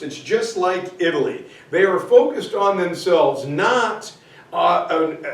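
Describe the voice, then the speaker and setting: Slow, chatty male history teacher. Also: a little high. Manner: chatty, informal, jokey asides. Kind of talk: casual classroom lecture. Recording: echoey room, mic far off.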